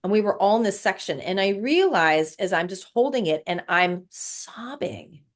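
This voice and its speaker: Her voice sits in the mid range and is expressive, moving at a moderate pace. As a guest in casual talk, she retells a spiritual experience with emotion, breathlessly repeating herself.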